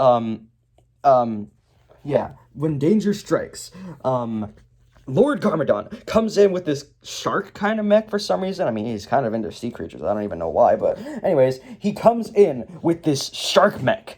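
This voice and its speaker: A man's voice: medium pitch, a little mellow. A young man casually reviewing a movie, rambling with lots of ums and sarcastic asides.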